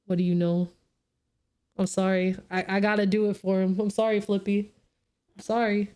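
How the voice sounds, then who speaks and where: A woman's voice: mid-range voice, little pitch movement, moderate pace, long pauses, darkish tone, clean tone. A young woman streaming a story game who reads the text aloud, laughs often, swears and chats to her cat while she plays.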